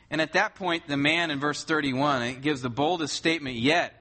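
A pastor delivers a sermon in a relaxed, conversational way, tossing rhetorical questions at his congregation. His voice is bright and forceful, sitting a little high for a man. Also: brisk, hardly any pauses.

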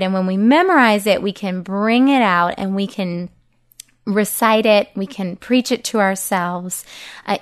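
Woman, 30s, mid-pitched and smooth; relaxed, earnest Bible teacher who coaches parents step by step. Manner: earnest and encouraging, walks through each step. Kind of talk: casual spoken teaching.

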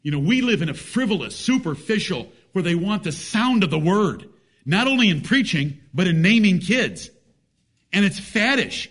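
Emphatic man preaching, higher voice. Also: very animated, normal speed, a bit bright. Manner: emphatic, rhetorical questions and folksy jokes. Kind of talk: sermon.

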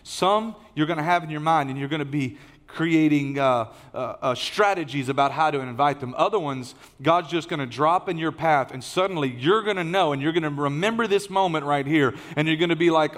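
Here a middle-aged man with a fairly high-pitched, fairly bright voice speaks at normal speed. As lead pastor, he gives a conversational, folksy sermon full of fillers and restarts, and the recording carries the long reverb of a large church auditorium.

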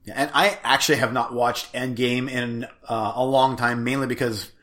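A man's voice: mid-range voice, fairly even intonation, moderate pace, a bit bright. Easygoing married man chatting. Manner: easygoing, rambling, self-deprecating. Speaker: podcast co-host. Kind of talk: casual chat.

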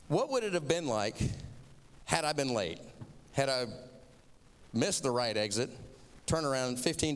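A man with a Southern accent tells a sermon as a chatty, self-mocking story. His voice is smooth and resonant, and it carries a long reverb as if he is speaking in a large hall. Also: mid-range voice. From Florida. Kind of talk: sermon told as a personal story.

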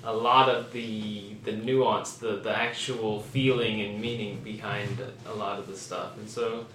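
A man thinks out loud in a casual discussion, hesitating and restarting as he searches for his words. He sounds distant from the mic. An echoey room and faint ambient noise sit behind him. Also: fairly low pitch, level tone, measured pace. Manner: hesitant, full of fillers and restarts. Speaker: study participant.

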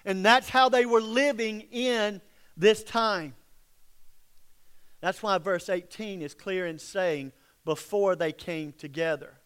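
Male pastor, high voice, dramatic sermon storyteller with hushed drops. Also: takes it slowly, pauses often, clear, resonant tone. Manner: dramatic storytelling with sudden drops to near-whisper.

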